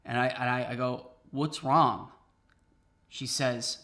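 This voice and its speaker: A man hosting a cooking video, telling a comic story in an animated, conversational way and laughing often, in a home kitchen. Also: mid-range voice, slow, long pauses. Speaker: host.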